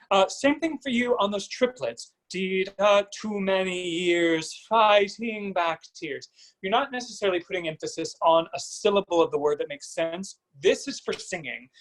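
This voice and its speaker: A man's voice: a little high, normal speed, poor audio. A man giving a singer vocal coaching feedback over a video call, singing short phrases to demonstrate.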